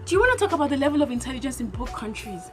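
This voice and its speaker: Very high-voiced woman vlogging. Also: sing-song, racing. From Nigeria. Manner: emphatic, full of rhetorical questions. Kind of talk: opinionated vlog commentary. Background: background music.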